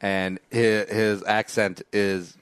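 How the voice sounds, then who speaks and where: A man hosts a podcast in a relaxed, jokey chat. His voice sits on the low side, and he rambles, stumbling through restarts as he tells stories. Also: takes it slowly, clean tone, no room sound, studio quality. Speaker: podcast host. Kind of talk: casual chat.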